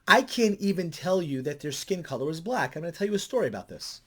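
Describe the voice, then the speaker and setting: Animated middle-aged male counselor. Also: quick pace. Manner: animated storyteller, voice climbing high when excited. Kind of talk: commentary vlog.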